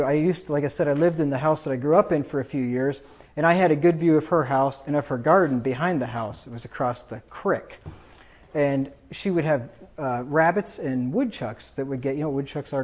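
A man's voice: mid-range voice, a little fast, darkish tone. A man casually telling rambling family anecdotes, chuckling as he goes. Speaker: storyteller. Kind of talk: casual personal storytelling. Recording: dull lo-fi recording.

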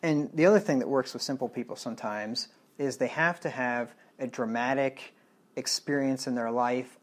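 A man preaching through a Bible book verse by verse, blunt and plain-spoken, reading the old wording and explaining it in everyday talk. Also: mid-range voice. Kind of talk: verse-by-verse sermon.

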